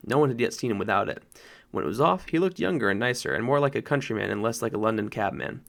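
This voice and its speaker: A man narrating a children's novel in a measured storytelling read. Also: mid-range voice, expressive, creaky, a bit bright. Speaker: audiobook reader. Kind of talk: audiobook narration.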